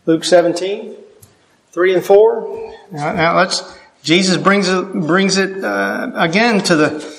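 A man's voice: high-pitched, takes it slowly, creaky, fairly bright tone. A man preaching a sermon, earnest and emphatic, putting questions to his listeners.

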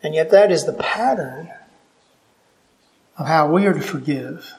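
A man's voice: fairly high pitch, lively intonation, measured pace, creaky, a little mellow. A man preaching a sermon, earnest and emphatic, putting questions to his listeners.

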